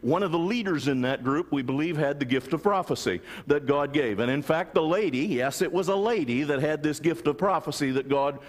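A man's voice: a little high, brisk, few pauses, in a large hall. A man preaching a sermon as pastor, often asking the congregation rhetorical questions. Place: large church sanctuary.

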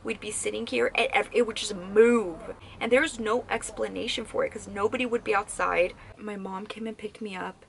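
A young woman vlogger casually telling stories to the camera, animated and swearing freely. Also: mid-range voice, normal speed, gravelly, few pauses, slight background noise. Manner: animated, swears freely while recounting scary events.

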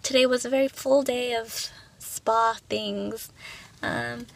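A woman's voice: fairly high pitch, fairly even intonation, slow, gravelly. A young woman chatting casually in a vlog, bubbly and full of filler words, stuffy from allergies. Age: young adult. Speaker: vlogger. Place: car and home, phone vlogging.

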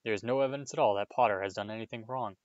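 A man doing a sharp, stern headmistress. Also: lowish voice, very fast, no room sound, dull audio, close to an everyday voice. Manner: sharp, clipped. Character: stern female deputy headmistress.

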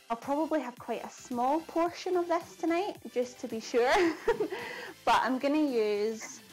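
A Scottish woman chatting casually on a live cooking stream, laughing often and answering viewers' comments from her kitchen. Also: a little high. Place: home kitchen.

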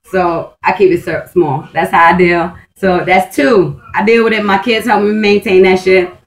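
A woman's voice: mid-range voice, fairly even intonation, normal speed, low-quality recording. A woman vlogging in a casual, rambling monologue. She swears freely, restarts her sentences often and says "like" a lot, and she speaks in a blunt, intense way. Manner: profane, blunt and streetwise; intense and emphatic.

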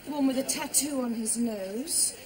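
An actress playing a naive, well-meaning housewife who hesitates with um and well, in a sitcom. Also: female voice, sits high, moderate pace, lightly acted, poor audio. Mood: hesitant. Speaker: neighbour's wife. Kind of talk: sitcom acting.

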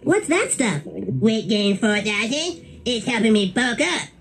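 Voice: mid-range voice, very animated, measured pace, creaky, a bit bright, heavily acted. An actor voicing a bratty, boastful, fat young boy in a cartoon who whines and insults. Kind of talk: cartoon voice acting.

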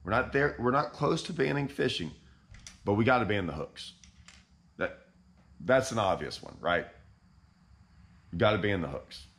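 A man hosting a fishing channel, ranting in deadpan, mock-outraged irony and repeating himself. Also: lowish voice, normal speed, pauses often. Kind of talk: sarcastic vlog rant.

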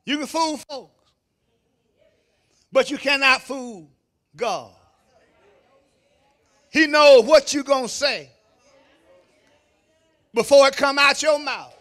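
A man preaching a sermon as pastor, shouting at the peaks and dropping into low asides to the congregation, calling on them to answer. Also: takes it slowly, long pauses. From Kentucky, USA. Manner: call-and-response preaching, calls on the congregation. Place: church sanctuary.

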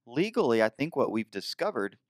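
A man co-hosting a casual podcast, talking in a measured, thoughtful way. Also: mid-range voice, big pitch swings, no room sound, clean studio sound. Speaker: podcast co-host.

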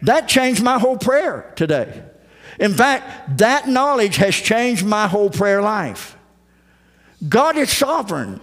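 High-voiced preacher in a reverberant church. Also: male voice, very animated, slow pace, a bit bright. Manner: folksy preaching, acts out quoted voices. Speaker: pastor. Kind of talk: sermon. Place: church sanctuary.

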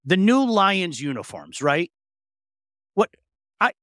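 Animated joking middle-aged man host. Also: on the high side, normal speed, dry recording, studio quality. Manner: animated, joking, frequent restarts. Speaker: co-host of sports talk show. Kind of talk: casual sports radio chat.

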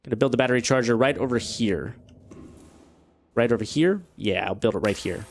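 A man commentating his own gameplay, ranting in exasperation and jumping up in pitch when frustrated. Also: brisk, a little hiss or hum. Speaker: let's play host.

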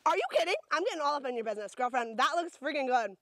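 A woman's voice: sits high, expressive, rapid-fire, sharp tone, no room sound. A woman directing a photo shoot, bubbly and gushing with enthusiastic praise as she calls out poses. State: sucking on a throat lozenge.

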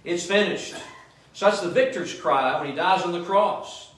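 A man's voice: sits high, moderate pace, a bit bright. A male pastor preaching a sermon in a church, often asking the congregation "Amen?" as he goes. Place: church sanctuary. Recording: echoey church room, mic at a distance.

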